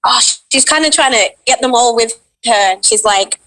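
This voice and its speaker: Modest bright-voiced woman guest. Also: on the high side, moderate pace, rough recording. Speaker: guest voice actress. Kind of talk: casual interview chat.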